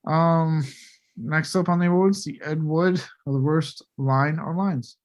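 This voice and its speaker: A man with a slightly high-pitched voice co-hosting a movie podcast. He is blunt and animated, and he swears freely as he mocks the film. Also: unhurried, highs cut off. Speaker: podcast co-host. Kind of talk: casual movie review chat.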